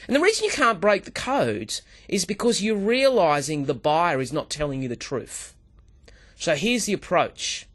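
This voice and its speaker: A man explains sales tactics with a lively, swooping pitch. He tells his stories with energy, slips into the voices of the people in them, and keeps calling the host by name. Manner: animated storyteller who acts out dialogue and keeps addressing the host. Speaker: sales trainer guest. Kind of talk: animated interview talk.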